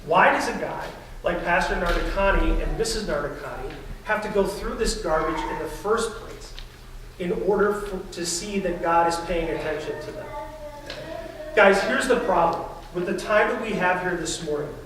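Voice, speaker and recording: A man with a high voice preaches an emphatic sermon, calling out to his listeners. He is captured from some distance, and his words ring through a very reverberant church with faint ambience beneath. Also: normal speed, background noise. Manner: emphatic, preacherly with direct address to the congregation. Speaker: pastor. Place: church sanctuary. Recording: very echoey church sound from a distance.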